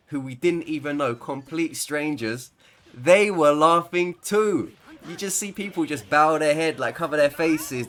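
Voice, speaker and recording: A man's voice: medium pitch, a bit bright. A man chatting casually over gameplay as a gaming creator, rambling and laughing mid-sentence.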